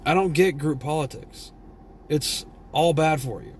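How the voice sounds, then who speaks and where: A man's voice: on the high side, a little slow, a little hiss or hum. A tired man from Texas with a Southern drawl, vlogging a blunt, profane, rambling rant. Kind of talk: casual opinion rant.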